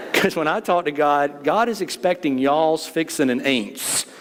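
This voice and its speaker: Folksy pastor in a reverberant church. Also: male voice, on the high side, measured pace, crowd noise. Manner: joking, folksy, talks straight to the congregation. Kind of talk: conversational sermon. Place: church sanctuary. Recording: long reverb of a church sanctuary.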